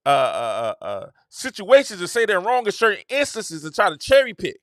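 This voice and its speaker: A middle-aged man, hosting a casual opinion monologue with an animated, repetitive, preacher-like cadence. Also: sits high, a little fast, hardly any pauses, dry recording, clean studio sound. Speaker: host.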